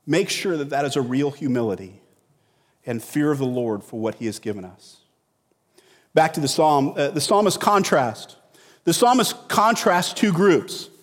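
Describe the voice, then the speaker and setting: A man's voice: fairly high pitch, lively intonation, moderate pace, long reverb tail. A middle-aged man preaching a sermon in a conversational way, repeating words and asking rhetorical questions. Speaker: pastor.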